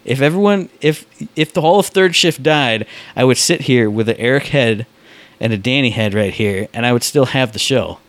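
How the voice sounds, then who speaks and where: Animated storytelling podcast host, man. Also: mid-range voice, moderate pace, no room sound. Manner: animated storyteller, laughs often. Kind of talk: casual chat.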